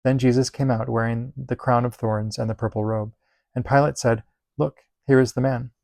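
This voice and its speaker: A man reading Bible passages aloud in a steady, measured delivery. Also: medium pitch, gravelly, dry recording. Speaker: Bible reader.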